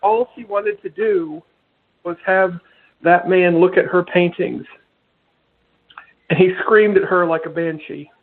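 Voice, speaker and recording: A man's voice: high voice, unhurried, long pauses. A man calling in to a comedic radio show, prim and fussy, speaking in a disapproving tone. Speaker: caller. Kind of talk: comedic call-in radio bit. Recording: tinny phone line.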